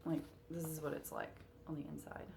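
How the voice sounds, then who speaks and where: Low-voiced woman chatting casually. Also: level tone, a little fast, gravelly, noisy background. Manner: chatty, with frequent fillers. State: hiccups. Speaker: cross-stitch vlogger. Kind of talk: casual chat to camera.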